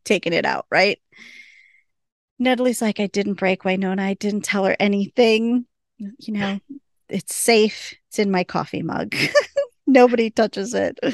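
A woman's voice: medium pitch, slow, gravelly, long pauses, no echo, studio quality. A woman hosting a podcast, casually recapping a TV episode, laughing often and acting out the lines. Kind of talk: casual chat.

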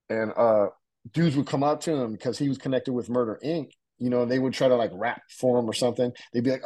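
A man's voice: medium pitch, lively intonation, fairly quick, dark tone, husky. A middle-aged man from the United States, talking about his past in a loose, slangy way, full of "like" and "you know". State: coughing from a bong. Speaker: interview guest, writer. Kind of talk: casual storytelling.

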